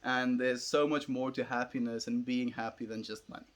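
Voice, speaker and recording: A man's voice: mid-range voice, fairly even intonation, normal speed, noisy background. A young South African man, an Afrikaans speaker, chatting casually on a livestream and musing as he answers viewers.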